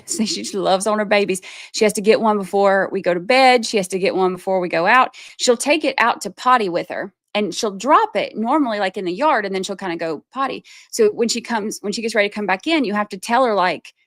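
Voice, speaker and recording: A woman's voice: medium pitch, no room sound, studio quality. A woman from Georgia, chatting casually on her livestream and laughing often as she talks to her viewers. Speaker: livestream host.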